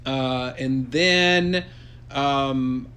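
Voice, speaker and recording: A man improvising a silly story for his child, playful and rambling with deadpan jokes. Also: medium pitch, drawn-out words.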